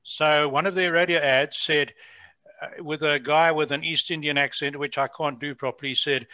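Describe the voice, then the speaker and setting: A middle-aged man from Africa, hosting a casual interview and chatting easily, telling anecdotes and quick to laugh. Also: fairly high pitch, steady tone, bright, forceful tone, no room sound. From South Africa. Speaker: podcast host.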